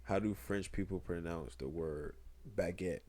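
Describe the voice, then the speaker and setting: With a low voice and a measured pace, a young man co-hosts a podcast, meandering through casual conversation. He jokes around and often breaks into loud laughs.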